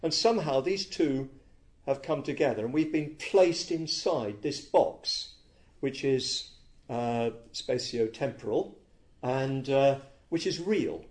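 A man giving a reflective dharma talk as a Buddhist teacher, halting and searching for words, often correcting himself. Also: mid-range voice, lively intonation, darkish tone.

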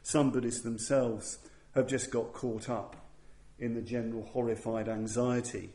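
A man delivers a Buddhist talk in an earnest, emphatic way, often restarting his sentences. His voice sits in a middle pitch. The sound carries a noticeable room echo. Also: steady tone, a little slow, mellow. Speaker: Buddhist teacher. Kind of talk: Dharma talk.

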